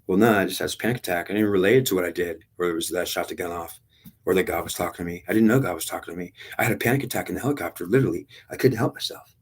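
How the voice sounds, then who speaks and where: A man's voice: low voice, rapid-fire, breathy edge. An older man telling his own spiritual experience in a rambling, blunt, repetitive way, with some swearing. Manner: repetitive, blunt and profane, retelling a past experience with strong feeling. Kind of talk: rambling personal testimony.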